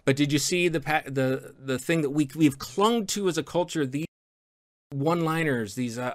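A male pastor preaching a sermon with a lively, animated delivery and playful asides. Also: fairly high pitch, normal speed.

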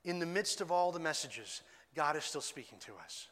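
Bright-voiced pastor preaching in a reverberant hall. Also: male voice, on the high side, lively intonation, moderate pace. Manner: earnest, conversational preaching with repeated restarts. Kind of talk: sermon.

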